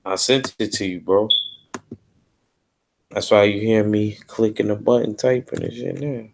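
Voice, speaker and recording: A laid-back man chatting casually, mumbling his words in easy slang. His voice is on the low side and stays flat, with little rise or fall. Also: a little slow, creaky. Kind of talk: casual chat.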